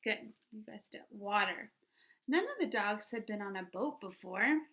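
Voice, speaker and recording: A woman teacher reading a children's picture book aloud with expression, pausing to ask her listeners questions. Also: medium pitch, animated, sharp tone, a little hiss or hum.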